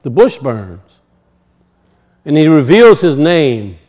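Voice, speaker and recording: High-voiced man preaching a sermon. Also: very animated. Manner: emphatic, slows to teach words, drops low and soft for weight.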